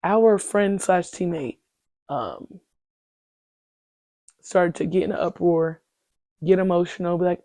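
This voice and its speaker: A woman's voice: fairly low pitch, slow pace, pauses often, no echo. A woman in her twenties hosting a podcast, telling a story in a casual, slangy, profane way as she vents. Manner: animated, profane, slangy venting. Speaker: podcast host.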